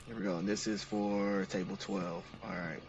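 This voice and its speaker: A man's voice: deep voice, fairly even intonation, normal speed, distant mic, dull audio, background noise. A man narrating each step of a game to his stream chat in an upbeat, casual way.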